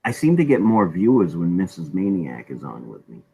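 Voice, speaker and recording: Laid-back guy with a maine accent hosting his late-night stream, lowish voice, chuckles a lot. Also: huge pitch swings, normal speed, creaky, warm tone, breathy edge, rough recording. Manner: laid-back, laughs often. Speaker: live stream host. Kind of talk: casual live stream chat.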